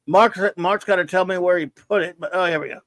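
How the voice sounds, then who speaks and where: A man's voice: sits high, a little fast, fairly bright tone, no echo. A man hosting a casual livestream podcast, talking in jokey, teasing showman patter. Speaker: podcast host.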